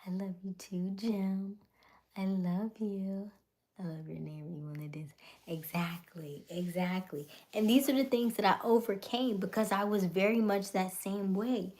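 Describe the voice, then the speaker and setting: A woman hosting a casual livestream, chatting with viewers and greeting them by name, often sliding into a soft near-whisper. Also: fairly low pitch. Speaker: livestream host.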